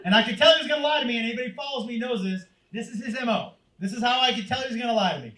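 A man in his forties telling an animated, conversational stand-up story. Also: very high voice, very fast, few pauses. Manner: animated, conversational, punchline-driven. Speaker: stand-up comedian. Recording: roomy, distant, noisy stage recording.

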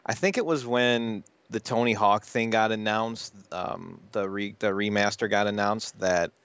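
A man's voice: fairly low pitch, unhurried, a bit bright, clean tone, dry recording. A man co-hosting a casual gaming podcast, laid-back and easily amused. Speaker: podcast co-host. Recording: dry, slightly dull mic.

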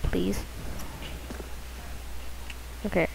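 Words come out drawn-out as a beginner gamer casually rambles through commentary on their own shooter match, self-conscious and prone to muttered asides. Background noise is present. They're recording at home with the mic so close their lips bump it.

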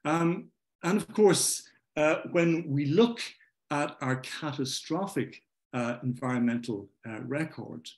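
Guy giving a symposium talk, lots of uh and um, drops off at the end of phrases, middle-aged. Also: a little high. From Ireland. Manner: halting, many fillers, trailing off at phrase ends. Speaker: symposium speaker. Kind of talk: academic talk.

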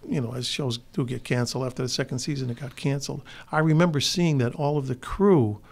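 Gravelly and darkish in tone, a medium-pitched older actor from Chicago talks fast as an interview guest. He tells long, meandering stories, frequently starting over mid-thought.

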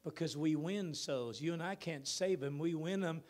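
A male pastor preaching a sermon in a church, with emphatic bursts and drawn-out words. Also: a little high, a little mellow. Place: church sanctuary.

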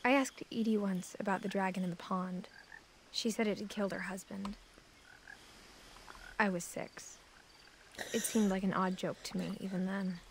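An actress voicing a seventeen-year-old girl who narrates her return to her family's house in a game, speaking quietly and reflectively. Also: medium pitch, moderate pace, long pauses, natural voice. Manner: quiet, reflective, even delivery. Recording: game audio with clear background noise.

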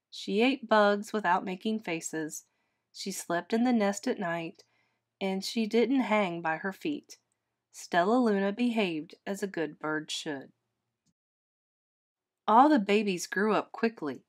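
A woman teacher reading a children's picture book aloud in a gentle, expressive storytelling manner. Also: medium pitch, slow.

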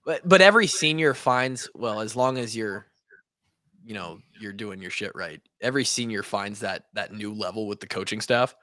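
A young man from Iowa, a former player co-hosting a podcast, tells a story in a lively, swearing, casual way and acts out the quotes. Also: fairly low pitch, moderate pace, no room sound, clean studio sound.

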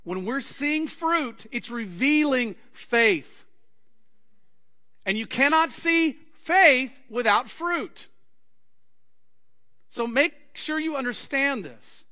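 A male pastor preaching a sermon to his congregation, acting out anecdotes and quoted conversations with lively energy. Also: very high voice, slow pace, long pauses. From Texas. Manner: animated preaching with acted-out anecdotes. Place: church sanctuary.

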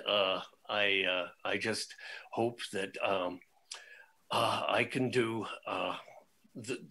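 A man with a fairly low voice opens an online concert as emcee. He talks in a halting, hesitant way, filling his pauses with ums and uhs. He sounds like he is on a video call. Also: a bit bright. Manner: halting, many filler pauses. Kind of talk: event introduction.

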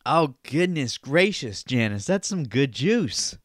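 A man's voice: medium pitch, big pitch swings, slow pace, dry recording, clean studio sound. A young man hosting a solo podcast, ranting casually with plenty of swearing and sarcasm. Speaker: podcast host.

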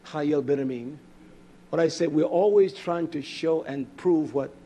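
Fiery preacher guy, high husky voice, scolds then drops real quiet. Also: unhurried. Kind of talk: sermon.

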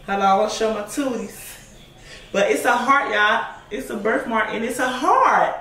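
A woman's voice: a little high, lively intonation, moderate pace, bright, forceful tone. Chatty young woman in an echoey room. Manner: chatty, laughs often, addresses viewers as y'all. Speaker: vlogger answering viewer questions. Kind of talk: casual Q&A vlog. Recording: echoey room, mic a bit far, faint noise.

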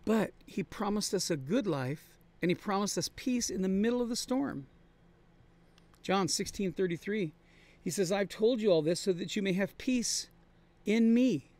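A man with a fairly high voice preaches to his congregation. He talks in an earnest, conversational way and leans on repetition to make his points land. His tone stays steady and plain throughout the sermon. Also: moderate pace. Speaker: pastor. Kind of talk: sermon-style Bible study. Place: traveling, on the road.

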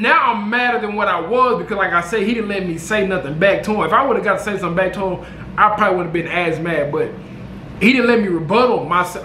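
A man telling a story to camera in a casual, slangy, animated way, repeating himself. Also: sits high, echoey room, slight background noise. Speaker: vlogger. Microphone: camera mic.

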